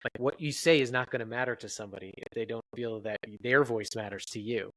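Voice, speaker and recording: A man's voice: mid-range voice, fast talker, fairly bright tone, no echo, rough recording. A man, a researcher guest on a podcast interview, explaining his work in an earnest, explanatory way.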